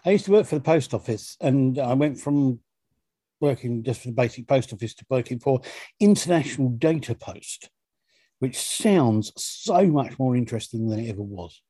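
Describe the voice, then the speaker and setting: A middle-aged man co-hosting a casual podcast chat with his son, tossing in dry, deadpan quips. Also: medium pitch, normal speed, husky, no room sound. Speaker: co-host, the host's father.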